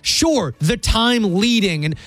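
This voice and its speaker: A man's voice: sits high, lively intonation, slow pace, fairly bright tone, no room sound. A man co-hosting a sports talk show, arguing his points emphatically and with rising disbelief. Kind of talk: heated sports debate.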